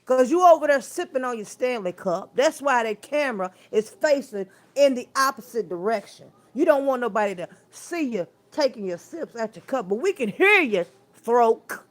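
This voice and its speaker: A woman's voice: a little high, animated, moderate pace. A woman hosting a casual livestream, scolding someone in a sassy, trash-talking way, stretching out words for emphasis and greeting her viewers. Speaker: livestream host.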